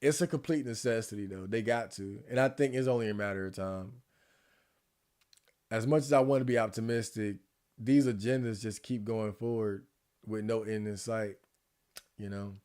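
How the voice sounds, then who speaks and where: A man's voice: fairly low pitch, normal speed, a little mellow. A man chatting casually on a livestream, ranting and rambling with frequent restarts.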